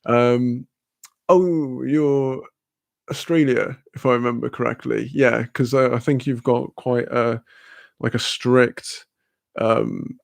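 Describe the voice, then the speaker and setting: A man's voice: medium pitch, steady tone, takes it slowly, creaky, dry recording. Welsh guy chilling on stream, swears a lot, laughs lots, dry close mic. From Wales. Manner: laid-back, swears freely, laughs often, reads chat aloud. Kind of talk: casual live-stream chat.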